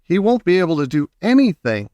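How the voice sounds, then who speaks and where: A frantic, wailing mother with shrill, high cries, put on by a man reading aloud. The recording is dry and close. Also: sing-song, fairly quick, mellow, no room sound, highs cut off. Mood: aghast. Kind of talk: audiobook character voice.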